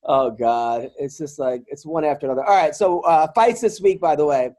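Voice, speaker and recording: A man from New York hosting a podcast, telling swear-laden stories about comedy gigs in a casual, animated way. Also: fairly high pitch, fairly quick. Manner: swears freely, animated storyteller who acts out the people in his anecdotes. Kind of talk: casual storytelling chat.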